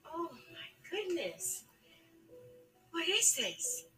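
An actress playing a grieving elderly woman, a former painter, who talks in a halting, tearful way. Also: extremely high pitch, sing-song, faint music behind, heavily acted, rough recording. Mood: touched. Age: older. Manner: tearful, halting, soft-spoken. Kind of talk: scripted drama acting.

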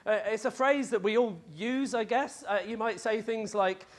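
A man's voice: high voice, moderate pace. A man preaching a sermon in a casual, joking, conversational way, with fillers and asides. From Wales lived in, not grown up. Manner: jokey, conversational, lots of fillers and laughs. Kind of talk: lively sermon.

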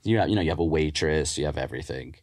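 A man's voice: rumbling low, very fast, darkish tone. A man, a real estate agent, telling party stories in a boisterous, laughing podcast chat. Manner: boisterous, storytelling, laughs often.

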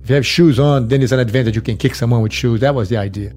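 A man in an interview recounts past events in a blunt, matter-of-fact way. His voice is warm and mellow, at a middle pitch. Faint music sits behind him. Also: racing. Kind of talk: casual recollection.

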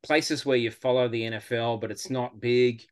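An Australian man as a podcast guest, talking in a relaxed, rambling way with lots of fillers. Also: mid-range voice, normal speed, clear, resonant tone. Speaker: guest fan. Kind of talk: casual podcast interview.

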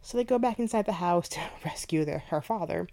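A woman's voice: fairly low pitch, brisk, creaky. A woman hosting a book review podcast, chatting animatedly as she retells a favorite scene and reads ad copy. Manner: chatty, animated retelling with playful quoted asides. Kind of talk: casual book review with ad read and read-aloud passage.

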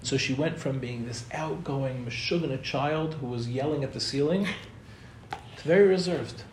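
A man's voice: mid-range voice, moderate pace, darkish tone, slight background noise. Man giving a talk in a roomy space. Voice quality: conversational, acts out quotes in storytelling. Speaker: Torah teacher. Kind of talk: spiritual talk to an audience. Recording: roomy echo, faint ambience.

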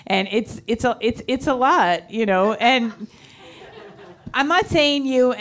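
A woman's voice: a little high, lively intonation, slow, a bit bright. A woman doing chatty, teasing banter with her partner in a live comedy double act on a stage mic. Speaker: stand-up comedian.

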